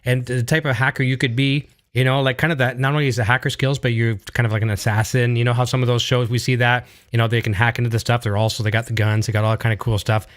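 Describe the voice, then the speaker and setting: A man's voice: mid-range voice, flat delivery, fast, hardly any pauses, fairly bright tone. A Canadian man with a Canadian accent hosting an interview, eager and rambling with lots of fillers. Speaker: show host. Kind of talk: casual video interview.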